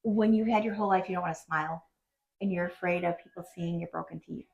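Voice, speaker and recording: A woman's voice: lowish voice, fairly even intonation, fast talker, vocal fry, dull audio. A middle-aged woman, a guest on a podcast, telling her personal story in a casual, emotional and rambling way. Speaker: patient guest.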